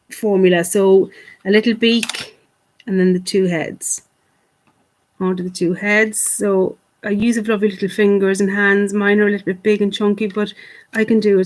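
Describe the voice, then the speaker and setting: A woman's voice: medium pitch, level tone, moderate pace. A woman teaching children clay modelling online, chatty and encouraging, talking to the camera as if the kids were there. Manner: fond of cute words like "little". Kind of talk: online craft lesson for children.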